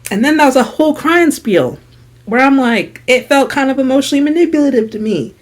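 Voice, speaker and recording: A young woman vlogger telling a story in casual chat, animated and dramatic, with lots of "like". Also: sits high, brisk. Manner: chatty, full of "like", dramatic retelling.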